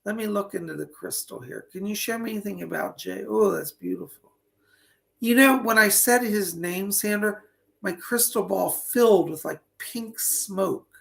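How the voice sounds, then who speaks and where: A man's voice: sits high, normal speed, vocal fry. A man hosting a live online psychic reading, talking chattily, greeting viewers by name, and losing his voice.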